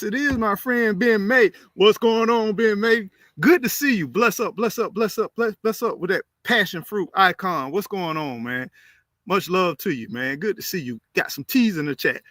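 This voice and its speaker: A man hosting a casual livestream, reading viewer comments aloud and repeating phrases in an animated, preachy way. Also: a little high, dry recording, clean studio sound. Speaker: livestream host.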